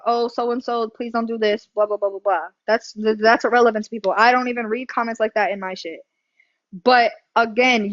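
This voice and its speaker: A woman's voice: fairly high pitch, fairly bright tone, no echo, highs cut off. A woman hosting a livestream, talking bluntly and emphatically, swearing and repeating herself. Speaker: livestream host. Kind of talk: heated livestream talk.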